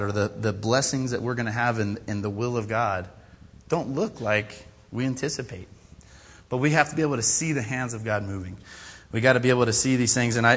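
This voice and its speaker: A man's voice: mid-range voice, fairly bright tone. Casual, conversational preacher man. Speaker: pastor. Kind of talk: sermon.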